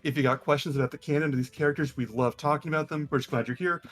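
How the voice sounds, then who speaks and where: A man narrating as game master of a live-streamed tabletop game, relaxed and chatty with many pauses. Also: fairly high pitch.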